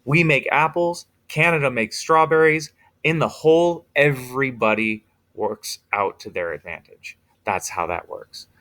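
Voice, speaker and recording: A man's voice: medium pitch, unhurried, sharp tone. A male teacher giving a casual recorded lecture, explaining informally with fillers.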